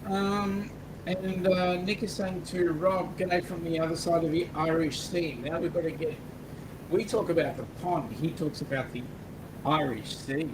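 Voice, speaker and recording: A man's voice: high-pitched, noisy background. A man with an Australian accent, co-hosting a casual livestream and reading out viewer comments with jokes. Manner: reads out viewer chat comments, joking. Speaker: co-host.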